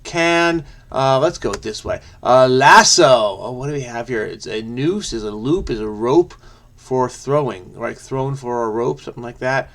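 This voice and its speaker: A man's voice: mid-range voice, a little slow, a bit bright. Frenetic man muttering through a crossword. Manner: frenetic, chatty, muttering guesses and self-corrections. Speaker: crossword solver host. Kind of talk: thinking aloud while solving a crossword.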